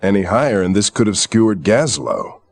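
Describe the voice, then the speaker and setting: An actor playing a young orc hero who makes dry, matter-of-fact remarks in an adventure game. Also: male voice, on the low side, lively intonation, moderate pace, dry recording. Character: young male orc hero in disguise, steady. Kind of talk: 1990s adventure game voice acting.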